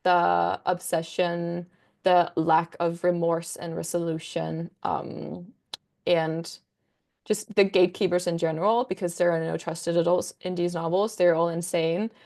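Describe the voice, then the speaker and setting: A woman's voice: on the low side, flat delivery, unhurried, creaky, a little mellow. A young woman, a book content creator, chatting as a guest in a casual interview, rambling enthusiastically with lots of fillers.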